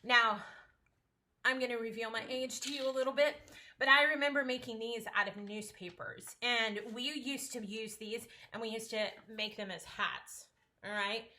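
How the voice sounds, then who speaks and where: A woman's voice: on the high side, fairly even intonation, moderate pace, sharp tone. A woman teaching a casual home-school science lesson, chatty, playful and encouraging.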